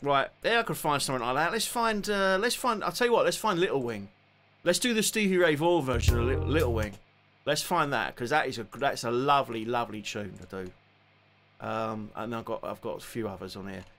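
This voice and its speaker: A man's voice: medium pitch, fairly quick, a bit bright. A man in his forties with a London accent, chatting casually and joking as he hosts a live guitar stream. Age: 40s. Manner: joking, chatty, self-deprecating.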